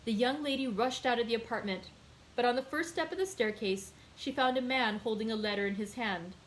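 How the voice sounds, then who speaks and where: A woman librarian hosting a daily read-aloud, reading a classic novel in a clear, measured storytelling voice. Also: a little high, a little hiss or hum, low-quality recording.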